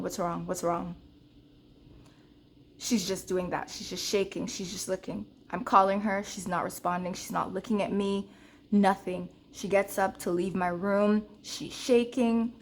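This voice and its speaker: A young woman vlogging about budgeting, telling a story to her viewers in an animated, casual way. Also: measured pace, a little hiss or hum. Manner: counts cash in a low murmur.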